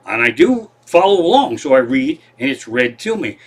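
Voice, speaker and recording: A man's voice: mid-range voice, sing-song, moderate pace, slightly rough. A man doing a comedic monologue from his living room, with a meandering, profane, self-deprecating manner. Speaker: comedian host.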